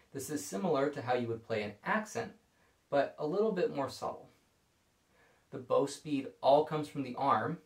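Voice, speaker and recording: A man calmly explaining violin bowing technique in a scripted video lesson. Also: mid-range voice. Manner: calm, explanatory. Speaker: violin teacher. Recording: echoey room.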